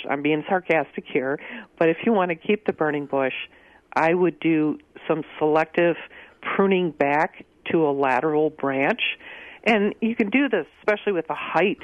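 A man's voice: fairly high pitch, moderate pace, no room sound. A man answering gardening questions on a call-in radio show, hesitant with many ums and dry asides. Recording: muffled radio broadcast audio.

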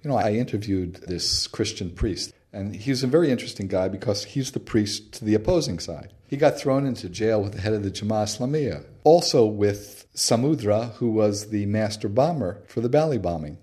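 A male anthropologist appears as a guest on a radio interview, casually telling animated stories full of fillers and restarts. His voice is lowish and a bit mellow, at normal speed with few pauses.

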